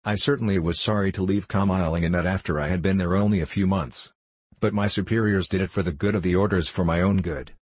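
A man reading the part of a calm, haughty Dominican friar who speaks with a nasal twang and authority. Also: deep voice, fast talker, husky, dry recording. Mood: lecturing. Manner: authoritative, indifferent, hair-splitting.

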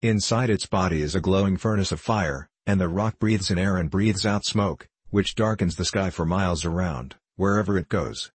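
A calm, courageous storybook soldier, as a male narrator plays him, firm and courteous even in danger. The voice is low and a little husky, and the room is dry. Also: normal speed, few pauses, no echo. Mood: earnest.

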